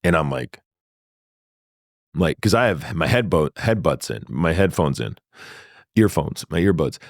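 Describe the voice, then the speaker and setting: A man telling his own story in a studio interview, animated and acting out the dialogue, laughing often. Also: very deep voice, measured pace, creaky, no echo. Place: sound studio. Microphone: studio microphone.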